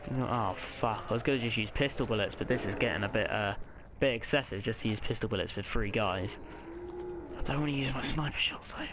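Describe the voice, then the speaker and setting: A man giving casual, chatty let's-play commentary, swearing often and reacting loudly to the game. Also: lowish voice, brisk. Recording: noticeable background noise.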